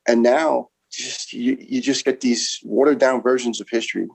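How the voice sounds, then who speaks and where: Gravelly, earnest middle-aged man. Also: medium pitch, steady tone, moderate pace, a little mellow, rough recording. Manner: earnest, impassioned, repeats words as he builds a point. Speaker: interview guest, former first responder. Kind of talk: conversational interview.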